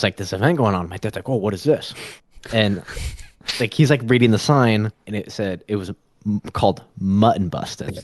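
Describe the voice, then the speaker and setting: A man's voice: fairly low pitch, no room sound. A young man telling a long childhood story in casual podcast chat, rambling with lots of fillers and laughing as he goes. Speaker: podcast co-host.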